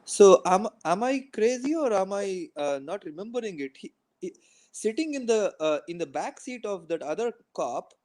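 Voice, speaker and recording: A man's voice: high voice, very animated, moderate pace, darkish tone. A man calling in to a live show, asking hesitant questions. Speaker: caller. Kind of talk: call-in questions.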